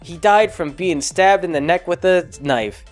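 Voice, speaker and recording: A man's voice: high-pitched, unhurried, faint music behind. A man voicing a mild middle-aged police officer father in a comedic movie recap. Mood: plain.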